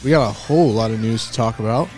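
A man's voice: mid-range voice, quick pace, a little mellow, faint music behind. A man co-hosting a casual podcast chat, upbeat and laying out what the show will cover. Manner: upbeat, lays out the show rundown. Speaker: podcast co-host.

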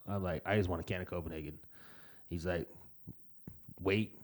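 A man's voice: low voice, fairly even intonation, moderate pace, darkish tone. A young man in casual podcast chat, cursing freely and rambling through stories. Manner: profane, rambling storyteller. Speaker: podcast co-host.

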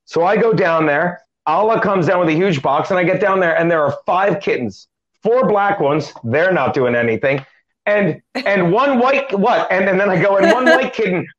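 A middle-aged male comedian telling a long story in an interview, with animated, quick joking delivery and acted-out quotes. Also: sits high. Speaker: comedian guest. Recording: dull lo-fi sound.

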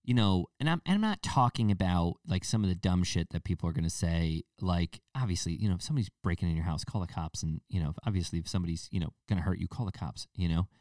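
A man's voice: low voice, fast talker, few pauses, darkish tone, dry recording, clean studio sound, far from the mic. A man hosting a casual solo podcast, rambling with restarts and fillers and now and then mocking people in a put-on baby voice. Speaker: podcast host.

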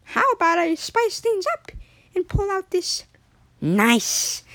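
A woman's voice: extremely high pitch, very animated, slow pace, fairly bright tone, no echo, pitched above the performer's own voice, full character voice. A woman doing Little Timmy, a goofy little boy.

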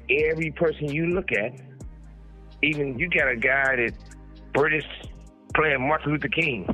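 A man's voice: on the high side, sharp tone, husky, rough recording. A man in a played clip, speaking emphatically and repeating his point.

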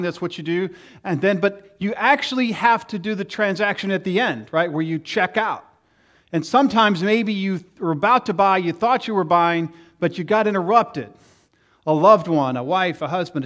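A middle-aged male pastor preaching a sermon, telling stories and acting out the voices of people he quotes. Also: on the high side. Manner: storytelling, animated, acts out quoted voices.

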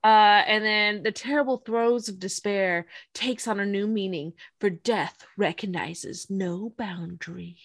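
A woman's voice: mid-range voice, unhurried, few pauses, no room sound. A young woman co-hosting a casual podcast, recapping an episode from her notes and laughing often. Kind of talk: casual chat.

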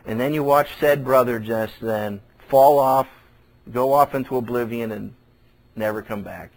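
A pastor preaching a sermon, animated, repeating phrases for emphasis and acting out the people he quotes. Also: mid-range voice, unhurried, rough recording.

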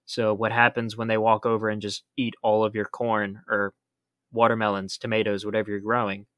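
A man's voice: lowish voice, little pitch movement, fairly quick, a bit bright, dry recording, muffled recording. A man co-hosting a podcast, explaining in a casual chat with emphatic warnings. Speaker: podcast co-host.

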